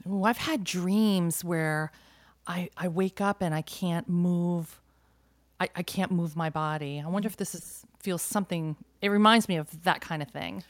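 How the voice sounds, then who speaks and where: A woman co-hosting a casual podcast, chiming in with teasing remarks and quick questions. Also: fairly low pitch, fairly even intonation, no room sound. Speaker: podcast co-host. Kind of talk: casual chat.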